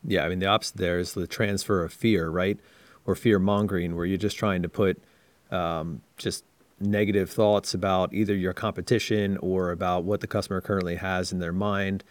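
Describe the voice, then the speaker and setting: A man co-hosting a casual sales-training podcast, who explains ideas in steady, reflective points. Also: low-pitched, no room sound. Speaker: podcast co-host.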